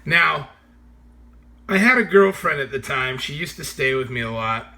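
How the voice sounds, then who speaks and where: A man telling a funny true story in a casual, animated way, often laughing as he tells it. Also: on the high side, moderate pace.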